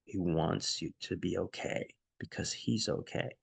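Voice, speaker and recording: A man quoting a kind woman psychic who comforts a stranger, in a soft, hushed manner. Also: sits low, steady tone, unhurried, creaky, husky, no room sound, voice pushed down, heavily acted. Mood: soothing. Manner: soft, soothing, hushed retelling.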